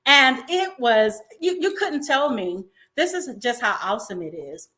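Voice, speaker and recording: A woman's voice: a little high, very animated, a little slow, pushed and bright. A woman hosting a show, talking in an emotional, effusive, faith-filled way to encourage her viewers. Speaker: host. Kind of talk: inspirational talk-show monologue.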